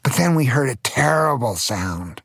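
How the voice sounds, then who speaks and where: A man's voice: mid-range voice, animated, unhurried, vocal fry, fairly bright tone, breathy edge, no room sound, clean studio sound. An older man telling a children's adventure story as a grandfather, playful and dramatic, with small jokes.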